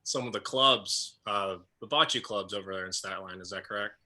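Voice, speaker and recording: A man from Ohio co-hosting a podcast, asking questions in a relaxed, friendly way. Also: lowish voice, brisk. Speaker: podcast co-host. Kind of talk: casual podcast interview.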